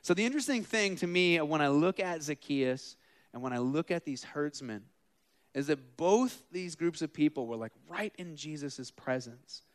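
A man in his thirties or forties preaching a casual, animated sermon, acting out the figures in his stories with asides to the room. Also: fairly high pitch, normal speed. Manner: animated, acts out quoted figures, self-deprecating asides.

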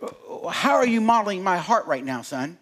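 A man voicing God as a patient father gently rebuking an angry driver in a sermon illustration. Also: high voice, very animated, moderate pace. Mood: gently scolding.

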